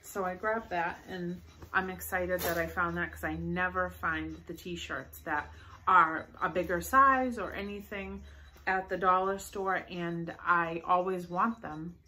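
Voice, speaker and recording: A woman's voice: lowish voice, fairly even intonation, a little slow, bright, forceful tone. A young woman chatting casually through a shopping haul, bubbly and rambling with enthusiasm. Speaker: vlogger showing a shopping haul.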